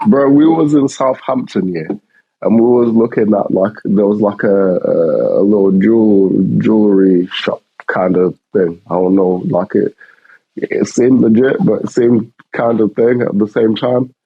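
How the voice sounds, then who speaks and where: A man's voice: on the low side, a little slow, breathy edge, no echo, phone-quality sound. A young man co-hosting a podcast, boasting in slangy, repetitive talk. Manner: boastful, slangy, repeats himself. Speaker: podcast co-host. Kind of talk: casual chat.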